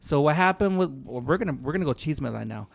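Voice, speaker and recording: Gravelly, swearing man. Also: fairly high pitch, fast. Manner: animated storytelling, heavy swearing. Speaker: podcast guest. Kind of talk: casual podcast chat.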